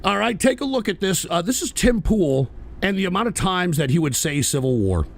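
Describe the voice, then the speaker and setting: High, gravelly man ranting angrily. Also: sing-song, fairly quick. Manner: profane, scornful, shouting bursts. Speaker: host. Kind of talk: angry political rant on a live stream.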